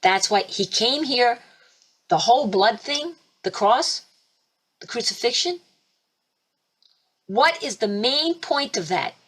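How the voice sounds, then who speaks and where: A woman spiritual teacher hosting a webinar, talking emphatically and fervently, with sudden leaps in pitch and loudness. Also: lively intonation, takes it slowly, long pauses, breathy edge. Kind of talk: impassioned preaching webinar talk. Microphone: computer mic for a webinar.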